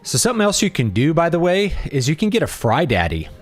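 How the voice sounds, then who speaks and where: A man's voice: on the high side, wildly swooping pitch, quick pace, soft background music. A man in his thirties streaming a game, talking casually and rambling as he thinks aloud. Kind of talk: casual gaming livestream chat.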